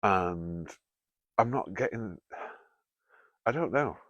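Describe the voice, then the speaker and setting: This man, hosting a night ghost hunt in a canal tunnel, jokes around, curses freely and calls out to a spirit while chatting casually. His lowish voice is animated but slow, with a fairly bright tone; there's no echo, and the high frequencies are cut off.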